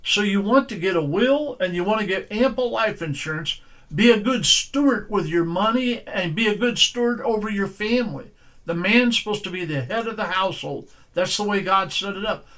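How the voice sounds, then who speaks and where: A man's voice: high-pitched, a bit bright. A man, a pastor, giving direct-to-camera sermon-style advice in an earnest, folksy way, repeating his points for emphasis.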